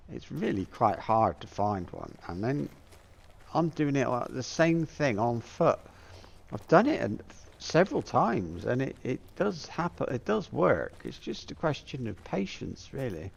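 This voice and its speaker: A man's voice: medium pitch, sing-song, a little slow, creaky, husky, lo-fi sound. A middle-aged man from Plymouth, England, chatting casually over his gameplay and musing aloud with many fillers. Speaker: gameplay streamer.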